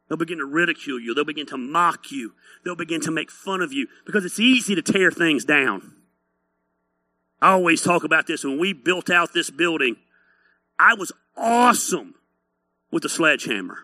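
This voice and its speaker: A man's voice: fairly high pitch, expressive, normal speed, sharp tone, no echo. Guy preaching bluntly, teasing the crowd, voice swings all over, close dry mic. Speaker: pastor. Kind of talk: sermon.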